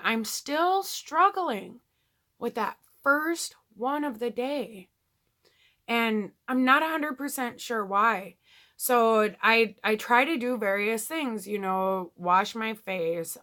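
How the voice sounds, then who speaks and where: Bright-voiced woman, candid rambling vlog. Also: fairly high pitch. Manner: candid, rambling, full of ums and you-knows. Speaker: vlogger. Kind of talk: casual personal video diary.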